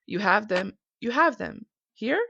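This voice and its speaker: A woman's voice: medium pitch, animated, unhurried, gravelly, sharp tone, a little hiss or hum, heavily acted. A woman voicing a wry, probing detective who asks sarcastic questions, in a dull lo-fi recording.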